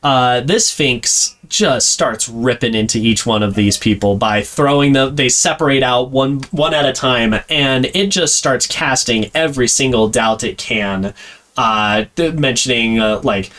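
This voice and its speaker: A man's voice: medium pitch, unhurried, a bit bright. A man co-hosting a podcast in casual chat, rambling with plenty of fillers and frequent laughs. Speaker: podcast co-host.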